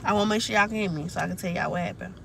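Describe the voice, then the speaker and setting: A woman's voice: mid-range voice, racing, vocal fry, poor audio. A woman telling a story to her viewers in a chatty, emphatic way, swearing freely, talking into a phone from a moving car. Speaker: livestream host. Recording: loud car noise behind voice.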